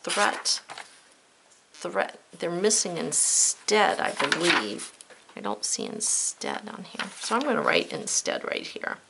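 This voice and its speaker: A woman teacher with a lowish voice and a noticeable gravelly fry walks children through a spelling worksheet. She talks patiently and step by step, sounding out each word and spelling it letter by letter. She keeps checking in with her young learners. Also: wildly swooping pitch, slow, heavy background noise. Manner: addresses young learners directly with friendly checks. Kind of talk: recorded spelling lesson.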